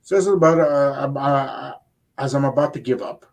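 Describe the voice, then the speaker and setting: Older man, radio co-host; rambling, animated storyteller, casual chat. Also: medium pitch, moderate pace, creaky. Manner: animated, rambling anecdote with quoted asides.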